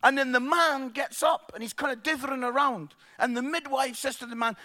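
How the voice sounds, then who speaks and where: Animated male storyteller, very high and bright voice, comic. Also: fairly quick, hardly any pauses. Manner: animated, acts out characters, laughs along. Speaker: speaker telling stories.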